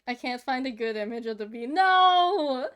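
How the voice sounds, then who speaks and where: A woman's voice: a little high, fairly even intonation, fast talker, lo-fi sound. A woman in her thirties chatting casually to her stream while drawing, giggling and gushing over cute things. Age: 30s. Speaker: livestreamer.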